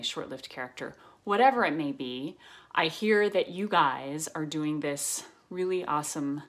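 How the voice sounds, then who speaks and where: A woman's voice: low-pitched, a bit bright. A woman with a Canadian accent, recording a playful, joking video greeting to her fans. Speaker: actress sending a fan greeting. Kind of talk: casual video message.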